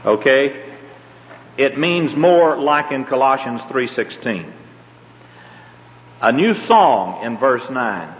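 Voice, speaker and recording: A man's voice: mid-range voice, lively intonation, takes it slowly, long pauses. An older man with a Southern accent teaching a Bible class, rambling and folksy, with frequent hesitations. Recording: dull lo-fi tape in a reverberant hall.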